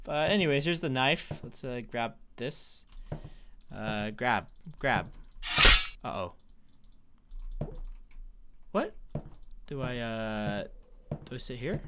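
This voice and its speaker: A young man from North Carolina giving let's-play commentary, earnest and halting, often stammering and restarting his sentences. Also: medium pitch, expressive, fairly bright tone, a little hiss or hum. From North Carolina, USA. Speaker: gaming YouTuber.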